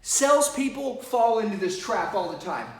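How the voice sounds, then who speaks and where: A man giving an energetic sales training talk, coaching with emphatic rhetorical questions. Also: high-pitched, normal speed, echoey room, distant mic.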